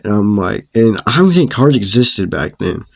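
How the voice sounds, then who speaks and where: Laid-back young man, gravelly voice. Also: on the low side, big pitch swings, normal speed, dry recording, clean studio sound. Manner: laid-back, slangy and profane. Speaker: storyteller vlogger. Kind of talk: casual storytime.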